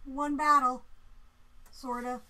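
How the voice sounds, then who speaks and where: A young woman with a bright, forceful, somewhat high voice chats while painting on a live stream. She jokes, swears freely and slips into quick mimicking asides. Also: little pitch movement. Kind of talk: casual chat while painting.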